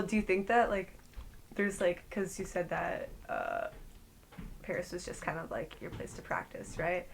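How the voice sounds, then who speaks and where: Soft-spoken, gravelly woman interviewer. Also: fairly low pitch, slight background noise, poor audio. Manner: quiet, hesitant, filler-heavy.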